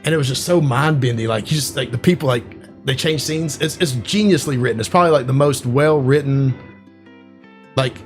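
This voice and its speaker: A man co-hosting a casual podcast, rambling through an animated retelling with lots of fillers. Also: medium pitch, brisk, faint music behind. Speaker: podcast co-host. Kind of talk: casual chat.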